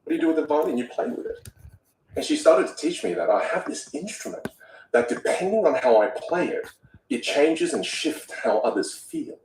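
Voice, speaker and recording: A young man, a communication coach, telling stories in an animated way during a podcast interview. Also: a little high, normal speed, roomy sound, far from the mic, slight background noise, low-quality recording. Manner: animated, dramatic storyteller who acts out voices.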